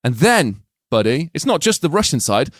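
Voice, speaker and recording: A man in his thirties co-hosting a podcast, talking in animated, jokey rants full of swearing, often reading from his own essay. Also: a little high, moderate pace, dry recording, clean studio sound. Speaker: podcast co-host. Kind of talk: casual chat, reading a researched essay.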